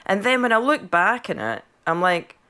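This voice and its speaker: A woman's voice: mid-range voice, sing-song, moderate pace, a loud crowd. A Scottish woman co-hosting a podcast over a video call, telling a personal story in a chatty way and often checking in with "right?". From Scotland. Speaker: podcast co-host. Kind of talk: casual chat.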